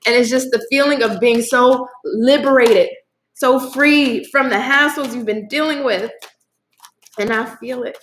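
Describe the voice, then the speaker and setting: A woman reads tarot cards aloud in a casual, gushing way, swearing freely and speaking straight to her viewers. Her voice sits a little high. The room is echoey, with faint noise behind her. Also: a little slow, a bit bright. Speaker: tarot reader. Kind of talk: casual tarot reading to camera.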